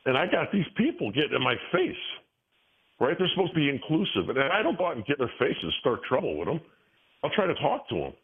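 A man's voice: fairly high pitch, wildly swooping pitch, fast, husky. A man in his sixties, a guest talking in a rambling way, with many restarts and frequent chuckles. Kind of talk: casual interview talk. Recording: tinny phone line.

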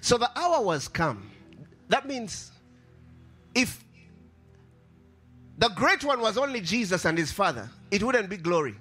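Lively high-voiced preacher man. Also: measured pace, long pauses, slightly rough, soft background music. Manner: impassioned, sing-song cadence, repeats phrases. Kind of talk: sermon.

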